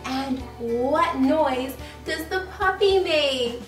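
A young woman hosting a toddlers' learning video, speaking with gentle, exaggerated cheer, gasping and imitating animal sounds. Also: high voice, extremely slow, far from the mic, faint music behind. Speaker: children's educational video host. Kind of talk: teaching toddlers, slow and sing-song.

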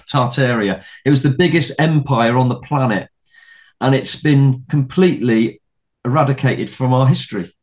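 A middle-aged man with a medium-pitched voice, appearing as a podcast guest, tells a story in casual conversation. He rambles, restarts often, repeats words, and swears freely.

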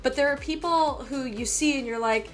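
A woman's voice: sits high, moderate pace. A woman hosting her own fitness vlog, chatting casually in an upbeat, gushing way with small restarts. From United States. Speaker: fitness vlogger and channel host.

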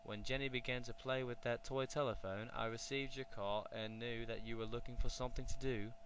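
A man's voice: medium pitch, steady tone, a little fast, fairly bright tone, slight background noise, close to an everyday voice, rough recording. A man voicing a cheerful magical duck from London with a put-on British accent, in a storybook reading. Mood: jolly.

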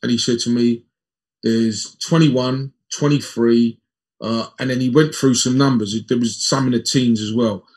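A man in his fifties, a former footballer, telling lively anecdotes as an interview guest and acting out the dialogue. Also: medium pitch, unhurried, breathy edge. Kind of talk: conversational storytelling in an interview.

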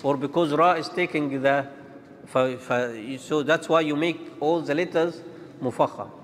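A man teaching Quran pronunciation, demonstrating and contrasting letter sounds in a halting, repetitive way. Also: a little high, slight background noise. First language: Arabic. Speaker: tajweed teacher. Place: large mosque hall. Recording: long reverb of a large hall.

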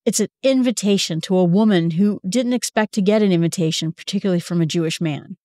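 A woman's voice: on the low side, quick pace, warm tone, no echo. Woman Bible teacher, casual and conversational, dry recording. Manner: conversational, quotes figures in everyday speech.

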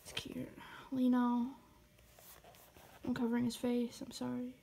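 A woman's voice: fairly high pitch, completely flat delivery, unhurried, creaky, dark tone, slight background noise. A young woman gushing through an unboxing vlog, often dropping to a whisper. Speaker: vlogger.

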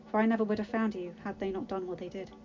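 A woman reading aloud, voicing a gentle but firm young king in a softer, lower tone. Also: fairly even intonation, fast talker, lo-fi sound, soft background music, close to an everyday voice. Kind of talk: storybook reading.

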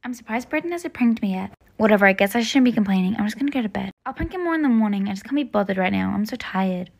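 A woman's voice: mid-range voice, lively intonation, quick pace, creaky. A woman voicing a bratty teenage older sister in a toy-game role-play. The sister sounds sulky and sarcastic. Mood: scheming. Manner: sulky, sarcastic and eye-rolling.

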